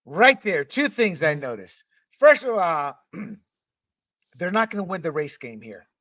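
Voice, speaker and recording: A man's voice: a little high, very animated, a little slow, fairly bright tone, dry recording. A male podcast host in a casual panel discussion, blunt and mocking, acting out other people's voices as he talks. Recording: muffled, distant mic.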